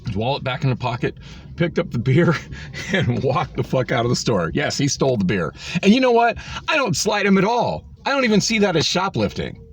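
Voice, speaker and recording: Sarcastic man ranting with a lively voice. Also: medium pitch, brisk. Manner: exasperated, sarcastic, profane. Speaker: vlogger. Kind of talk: ranting vlog storytelling. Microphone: phone.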